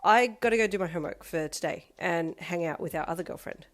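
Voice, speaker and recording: Woman voicing a loud playful schoolgirl. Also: lowish voice, fast talker, lightly acted. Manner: bright, loud and teasing. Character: playful, loud, energetic teenage girl hero student.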